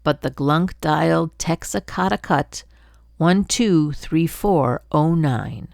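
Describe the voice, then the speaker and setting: A woman's voice: low voice, slow, creaky, darkish tone, no echo, studio quality. An older woman reading a rhyming children's story aloud in a sing-song storybook manner.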